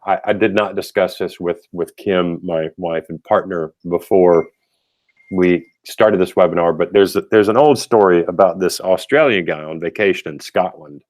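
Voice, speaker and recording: A man with a fairly low voice hosts a relaxed webinar. He talks loosely, cracks jokes and stumbles over his words with many fillers and restarts. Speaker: host. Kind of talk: casual webinar talk.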